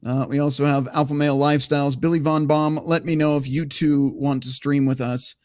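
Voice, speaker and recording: A man's voice: fairly high pitch, a little fast, clear, resonant tone, no echo, clean studio sound. A man hosting a casual call-in show, talking loosely, swearing now and then, and reading viewer chats aloud. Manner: relaxed, swears casually, reads chat aloud. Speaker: host.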